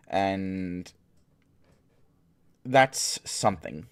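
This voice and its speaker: A man hosting his own show, reading news articles aloud and breaking off for dry, sarcastic asides in an unhurried, halting way. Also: lowish voice, lively intonation. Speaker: streamer and host.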